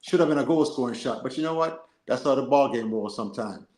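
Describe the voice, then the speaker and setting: A man co-hosting a football live stream, reading and answering chat in an animated, joking way. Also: medium pitch, fast, echoey room. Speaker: livestream co-host.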